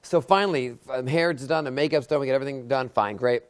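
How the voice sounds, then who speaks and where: A man working as a magician, telling a story in a casual interview with animated, sudden bursts of excitement. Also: medium pitch, fast talker.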